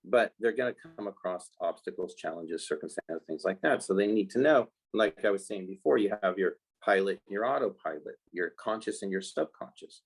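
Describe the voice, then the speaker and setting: A man who is a life skills coach for kids, talking in a casual podcast interview. He explains in an animated way and acts out the voices he quotes. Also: sits low, fairly quick, few pauses, breathy edge, low-quality recording.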